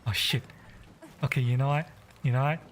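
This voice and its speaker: A man's voice: medium pitch, fairly even intonation, a little fast, noisy background. A man streaming a game, talking casually in rambling, swearing asides to his chat. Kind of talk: casual live-stream commentary.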